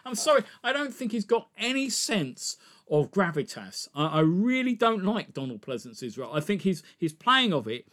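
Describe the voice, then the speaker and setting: Man, somewhat high-pitched, emphatic, opinionated, casual film chat. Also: sing-song, moderate pace, a bit bright. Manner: emphatic and opinionated, presses his points.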